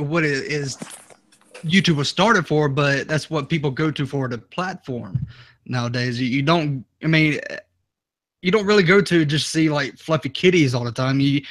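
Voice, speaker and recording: A man on a casual online panel, talking haltingly and repeating his words. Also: a little high, fairly bright tone, dry recording. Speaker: panel guest.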